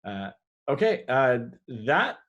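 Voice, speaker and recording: A man moderating a webinar from a video call, with a pitch in the middle range. He speaks in a loose, conversational way, full of uh and small restarts as he moves between questions. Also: big pitch swings, slow, fairly bright tone, muffled recording. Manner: conversational, hesitant with fillers and restarts.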